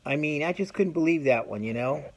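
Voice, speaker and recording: A man's voice: on the high side, expressive, fairly quick, background noise. Blunt, profane man ranting. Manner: blunt, profane, rambling with restarts. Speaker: podcast host. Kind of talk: casual opinion rant.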